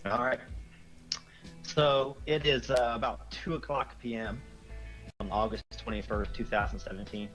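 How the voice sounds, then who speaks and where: A man's voice: mid-range voice, steady tone, moderate pace, fairly bright tone, soft background music, poor audio. A man narrating as game master of a tabletop game, rambling with many fillers.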